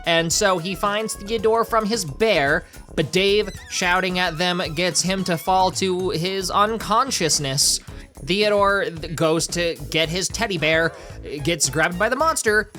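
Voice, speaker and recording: A woman's voice: fairly low pitch, a bit bright. A woman hosting a commentary video, talking casually with wry, sarcastic asides.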